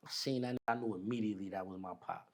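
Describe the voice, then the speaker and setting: A man telling a long personal story in casual, slangy street talk, animated as he retells it. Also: on the low side, fast talker. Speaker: podcast guest.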